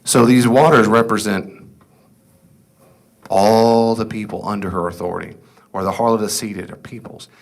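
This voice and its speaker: A man's voice: on the low side, steady tone, moderate pace, gravelly, pauses often. A middle-aged man teaching a casual Bible class, reading scripture aloud and asking the class questions he then answers himself. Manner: conversational, asks the class questions and answers them.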